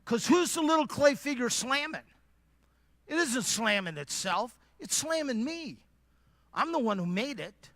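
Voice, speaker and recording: A man's voice: extremely high pitch, lively intonation, measured pace, fairly bright tone, no room sound. A man preaching at a church conference, speaking emphatically and directly and repeating lines for emphasis. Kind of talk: preaching sermon.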